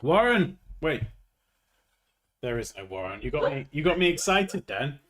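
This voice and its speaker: Male livestream host, mid-pitched voice, dry teasing humor, thinks out loud. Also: big pitch swings, brisk. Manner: wry, teasing, jokey asides. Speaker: designer hosting a livestream. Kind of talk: thinking aloud while designing live.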